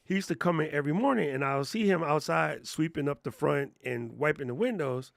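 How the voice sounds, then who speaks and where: A man hosting a casual livestream class on thumbnails, telling stories in slangy, animated talk and laughing often. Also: fairly high pitch, brisk, creaky, dry recording, clean studio sound. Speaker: host and content coach. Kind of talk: casual livestream teaching chat.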